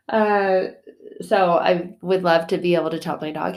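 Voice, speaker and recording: Lively woman telling a story, low voice. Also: unhurried. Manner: animated, swings from hushed to loud, lots of fillers. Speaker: podcast host. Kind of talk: casual storytelling.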